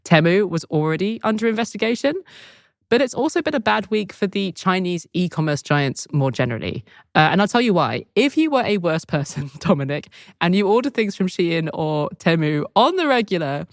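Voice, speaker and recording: A woman co-hosting a news podcast, talking in a lively, expressive way and laughing often. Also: fairly low pitch, a little fast, no room sound, clean studio sound. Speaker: podcast co-host. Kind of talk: casual news chat.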